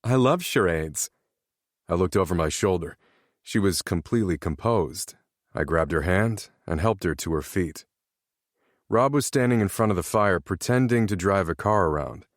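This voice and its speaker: A man narrating a first-person romance audiobook with expressive storytelling on a close microphone. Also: sits low, moderate pace, no echo.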